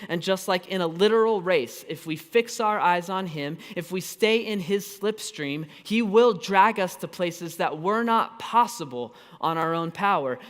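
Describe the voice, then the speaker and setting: A high-voiced man in his thirties preaches a storytelling sermon, animated and self-deprecating. He breaks into quick asides and restarts. His voice rings with a long reverb through a church auditorium. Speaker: pastor.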